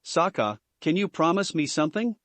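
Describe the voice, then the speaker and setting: A man's voice: on the high side, big pitch swings, moderate pace, fairly bright tone, no room sound. A man reading as a wary young woman. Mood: uneasy.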